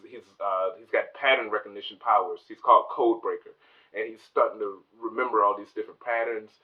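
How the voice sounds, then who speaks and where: A man casually recapping a TV series for his review channel, rambling with many restarts and acting out the characters' lines. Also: on the low side. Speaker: TV review YouTuber. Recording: dull, distant lo-fi mic.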